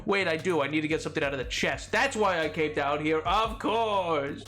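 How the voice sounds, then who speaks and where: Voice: medium pitch, normal speed, fairly bright tone, faint music behind. A streamer chatting casually while gaming, playful and rambling, joking with old-timey slang and fancy words. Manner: laughs often, rambles.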